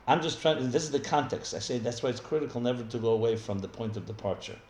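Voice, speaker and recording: A man's voice: medium pitch, quick pace, a little mellow, a little hiss or hum. A man teaching as a rabbi in a live text study class, explaining as he goes and often restarting his sentences. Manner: thinks aloud with many restarts, explanatory. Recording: echoey room with faint ambience.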